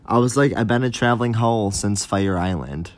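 A man's voice: lowish voice, brisk. A man hosting a casual podcast, asking blunt, teasing questions. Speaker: podcast host.

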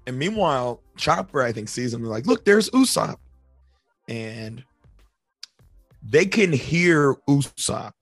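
A man co-hosting a podcast, casually retelling story scenes and acting out character lines in high voices. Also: lively intonation, slow pace, fairly bright tone, no room sound, soft background music. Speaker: podcast co-host.

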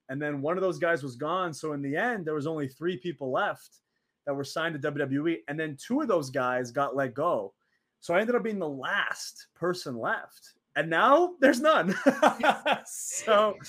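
An animated young man, a former wrestler appearing as an interview guest, tells casual stories in a slightly high voice. He acts out quoted voices and laughs often.

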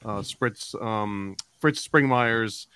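Podcast host, man, smooth resonant voice, dry close sound, rambling questions. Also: on the low side, drawn-out words, pushed and bright, no room sound. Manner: rambling questions with many fillers. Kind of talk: podcast interview.

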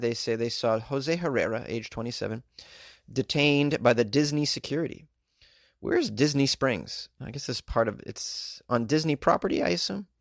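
Recorded at studio quality with no echo, this comedic commentator's medium-pitched voice has a fairly bright tone. He's casual and sarcastic, mocking the news items he reads aloud and dropping in chuckling asides.

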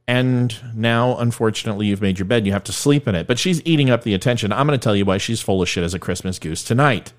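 A man's voice: medium pitch, lively intonation, fast, hardly any pauses. A middle-aged man hosting a podcast, delivering comedic political commentary in an irreverent, self-deprecating, joking manner. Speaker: podcast host.

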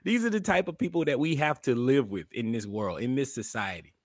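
A young man co-hosting a podcast, telling a heated story in casual, profane chat and loudly acting out what people said. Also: mid-range voice, fairly quick, no echo, clean studio sound. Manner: animated, profane, acts out quotes loudly. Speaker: podcast co-host.

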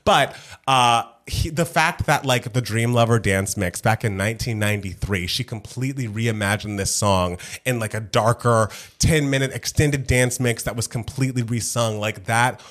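A man co-hosting a casual podcast, telling an excited, detailed story. He laughs often as he talks. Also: mid-range voice, moderate pace, hardly any pauses. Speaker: podcast co-host. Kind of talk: casual chat.

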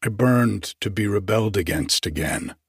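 A man reading a classic story aloud in a deliberate, formal narrating manner. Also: fairly low pitch, expressive, breathy edge, no echo, studio quality. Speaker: audiobook narrator.

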